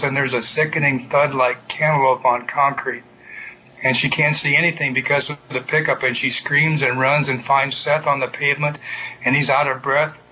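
A man reading a literary short story aloud in a steady, measured way. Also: mid-range voice, slight background noise, low-quality recording. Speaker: narrator.

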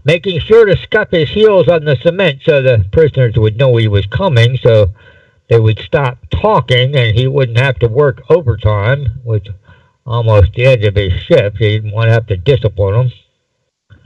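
A man reading a story aloud slowly and deliberately, in a dull, distant amateur recording. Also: medium pitch, no room sound. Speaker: narrator.

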